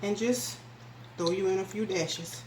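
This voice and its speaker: A woman with a medium-pitched, slightly mellow voice talks a little slowly as she shows viewers a recipe. She's a cooking channel host, chatting casually and folksily in her small home kitchen. Filming by herself on the camera mic, she's recorded in an echoey room with background noise.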